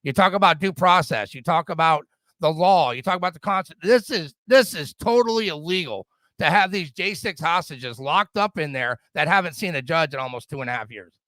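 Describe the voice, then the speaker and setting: A man's voice: a little high, fairly quick, sharp tone, no room sound. A middle-aged man hosting a podcast, ranting casually and profanely about politics, often stammering and restarting his sentences. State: drinking whiskey. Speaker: podcast host.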